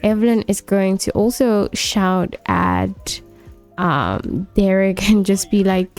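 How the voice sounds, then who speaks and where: A woman's voice: medium pitch, takes it slowly, gravelly, darkish tone, faint music behind. A woman giving casual, chatty commentary on a life-sim game story, full of fillers. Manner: chatty, filler-heavy, laughs often. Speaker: let's play host.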